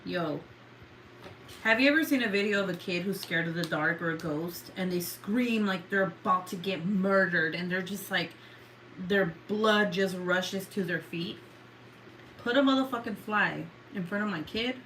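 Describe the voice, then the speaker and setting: A woman's voice: fairly low pitch, moderate pace, a bit bright, a little hiss or hum, poor audio. A woman in her thirties chatting casually with viewers, swearing, rambling and laughing often. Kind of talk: casual chat.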